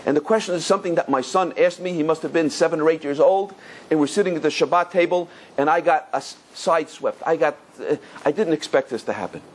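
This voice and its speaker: A middle-aged man, a rabbi, giving a Torah lecture in an animated storytelling manner full of repetitions. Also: a little high, fast, a little hiss or hum.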